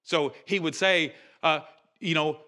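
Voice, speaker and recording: A man preaching a sermon in an animated, conversational way, restarting phrases and rising in pitch and volume for emphasis. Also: a little slow. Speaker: pastor.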